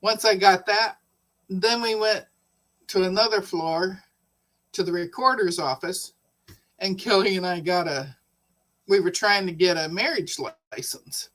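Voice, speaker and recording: Slow-talking chatty woman storyteller. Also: mid-range voice, a bit bright, rough recording. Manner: chatty, laughs often while telling stories. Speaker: livestream host. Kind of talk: casual storytelling chat.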